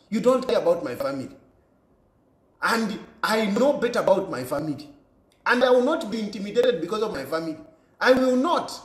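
A man's voice: high voice, roomy sound. A man hosting a call-in show, angrily ranting at a caller, repeating himself, defiant, laughing in between. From Zambia. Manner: angry, repetitive, defiant, laughs between lines. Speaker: show host. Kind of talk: heated call-in show rant.

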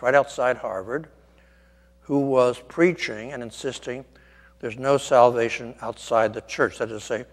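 A man's voice: mid-range voice, big-room sound. An older man, a Catholic priest, giving an informal guest lecture in a church, rambling a little with wry asides and many ums. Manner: discursive, wry asides, frequent ums and restarts.

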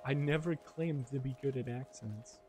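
A man chatting to himself through a video game playthrough, trading quick jokes as he explores. His voice sits at a middling pitch, and clear game music runs underneath it the whole time. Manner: chatty, jokey, talks to himself. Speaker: gamer narrating his play. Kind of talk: casual let's-play commentary.

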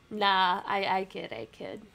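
A woman's voice: medium pitch, creaky. A young woman, chatting casually with her live-stream audience from home, laughing often and poking fun at herself. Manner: bubbly, laughs often, chatty and self-deprecating. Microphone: webcam and computer mic.

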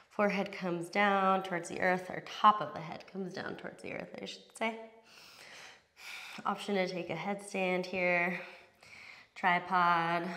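A woman yoga instructor calmly cueing breath and poses through a guided class. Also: fairly low pitch, roomy sound.

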